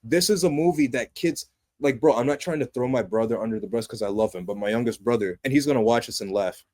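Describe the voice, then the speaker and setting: A young adult man co-hosting a podcast, chatting casually about a movie in an animated, passionate way that swings from loud excitement to low, earnest tones. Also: quick pace. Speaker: podcast co-host. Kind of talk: casual movie review chat.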